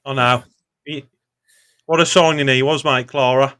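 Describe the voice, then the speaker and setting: A man's voice: medium pitch, steady tone, moderate pace, bright, forceful tone. A man hosting a football phone-in, upbeat and casual, saying "mate" constantly. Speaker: phone-in host.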